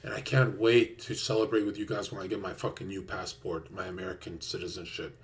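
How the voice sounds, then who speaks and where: A man's voice: deep voice, flat delivery, fairly quick. Crude, rambling male streamer. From Canada. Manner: crude, rambling, slangy, lots of "bro". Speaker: live streamer. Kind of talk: casual live-stream chat.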